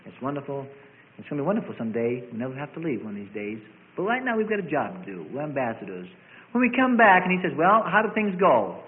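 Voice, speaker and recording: Guy preaching a sermon, high voice that swoops all over, builds up then goes soft, tinny phone-ish recording. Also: big pitch swings, fast talker, slight background noise. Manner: preaching with rising emphasis, then soft asides.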